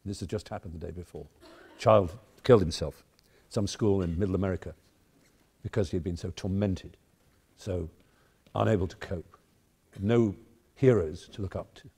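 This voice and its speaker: A man's voice: low voice, lively intonation, normal speed, long pauses, warm tone, husky. A man in his fifties with an English accent, giving an erudite, wry, digressive speech to a debating society audience. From England. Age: 50s. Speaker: guest speaker.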